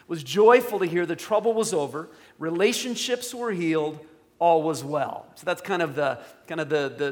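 Male pastor, high-pitched, conversational sermon delivery with forceful emphatic moments. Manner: conversational preaching with emphatic quoted commands.

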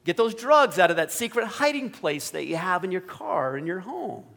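A man's voice: high voice, a bit bright. A man preaching a Bible-teaching sermon in a conversational way, rising to emphatic quoted commands. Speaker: pastor.

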